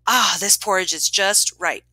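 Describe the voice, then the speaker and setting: A woman's voice: high-pitched, very animated, normal speed, bright, forceful tone, dry recording, voice pushed up, full character voice. A woman voicing Goldilocks, a fussy little girl who whines and exclaims while reading a storybook aloud. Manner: exclaiming and whining.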